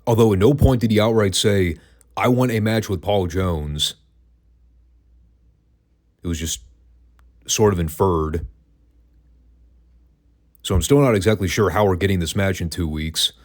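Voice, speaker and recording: A man with a very low voice talks through a casual retro review. His delivery is dry and sarcastic. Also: normal speed, long pauses, darkish tone. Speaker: wrestling podcast host.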